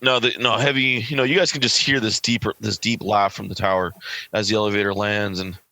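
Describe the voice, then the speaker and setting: Low, bright-voiced male game master. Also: steady tone, a little fast, poor audio. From California. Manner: rambling narration with fillers and self-corrections. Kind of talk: narrating a tabletop game.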